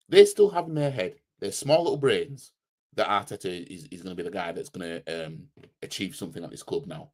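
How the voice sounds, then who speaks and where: A man's voice: sits low, a little fast, a little mellow. A man hosting a football fan channel, giving a heated, blunt match reaction full of slang and repeating himself for emphasis.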